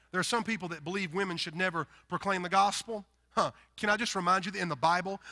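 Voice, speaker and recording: A Deep South man with a Southern accent preaches an animated, emphatic sermon, swinging between loud bursts and quiet stretches, with long hall reverb on the recording.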